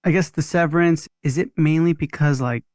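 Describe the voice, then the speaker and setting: A male podcast host with a slightly high voice, recorded close and dry with no room sound. He asks curious, quick follow-up questions. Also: darkish tone, no echo. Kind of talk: interview questions.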